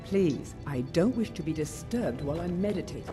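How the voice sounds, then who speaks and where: A man voicing a haughty dark elf. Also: fairly high pitch, animated, a little fast, music in the background, natural voice. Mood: formal, indignant. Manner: formal, indignant.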